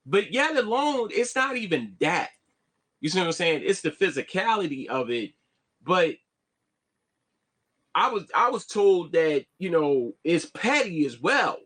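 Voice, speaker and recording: A man talks straight into his camera in a loose, rambling live-stream monologue. His fairly high voice swings up and down a lot, and he often stumbles and restarts his sentences. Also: a little slow. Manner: animated, repeats "you see what I'm saying", stammers on restarts. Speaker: vlogger.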